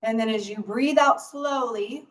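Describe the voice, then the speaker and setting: A woman leading the stretching and breathing part of an exercise class, gently and encouragingly talking people through each breath. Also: fairly high pitch, a little slow, far from the mic, poor audio. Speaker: exercise instructor.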